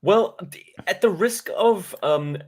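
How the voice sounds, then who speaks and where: A man's voice: high voice, slow, a little mellow. A man co-hosting a casual live-stream chat, speaking in long, wordy, presenter-like sentences. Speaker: podcast co-host.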